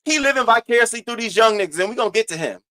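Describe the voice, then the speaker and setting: A man hosting a casual gossip commentary, animated and profane, swinging between loud outbursts and low asides. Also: no echo. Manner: sassy, drawn-out emphasis. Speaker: host of a commentary channel.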